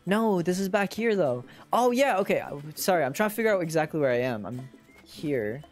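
Chatty streamer with an animated voice. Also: medium pitch, fairly quick, faint music behind. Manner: chatty, talks to chat, often trails off quietly. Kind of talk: casual let's-play commentary.

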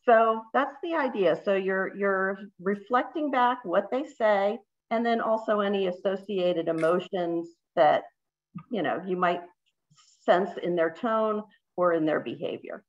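A woman's voice: medium pitch, measured pace, muffled recording. A woman facilitating an online workshop, upbeat and chatty, asking the group questions. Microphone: video call.

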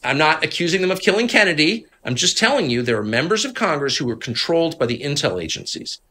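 A middle-aged man from Washington, D.C., a guest telling stories in a candid conversation, moving between low asides and emphatic outbursts. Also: big pitch swings, quick pace, pushed and bright.

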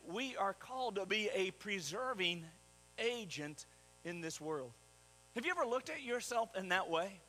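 A man's voice: very high voice, bright, forceful tone, a little hiss or hum, poor audio. A man preaching a sermon as pastor, putting questions to the congregation and repeating phrases for emphasis. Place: church sanctuary.

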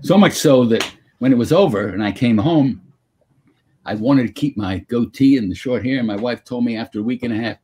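An older man telling stories from his acting career as a guest in a video-call Q&A, in an animated, anecdotal way. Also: medium pitch, a little fast, slight background noise. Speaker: guest actor.

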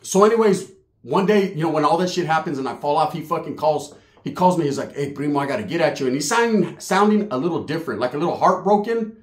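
Streetwise storyteller, a bit high-pitched, recorded in an echoey room. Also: male voice, animated, fast. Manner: profane, streetwise, acts out voices. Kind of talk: comedic storytelling monologue.

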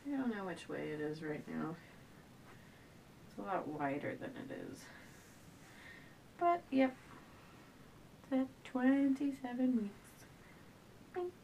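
Her voice is gravelly and dark, slow, with long pauses: a young pregnant stay-at-home mom rambling casually to the camera in her home, restarting sentences and often a little breathless. She's somewhat distant from the camera, and there's a faint low rumble.

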